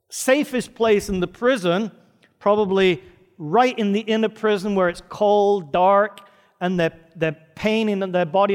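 A man preaching a sermon, retelling a story with dramatic, varied pacing. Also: high-pitched. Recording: reverberant church hall.

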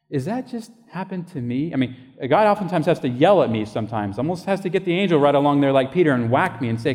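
A man's voice: a little high, lively intonation, fast, hardly any pauses, darkish tone. A male pastor preaching a sermon, telling a personal story in a conversational way and acting out the voices of people in it. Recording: long hall reverb.

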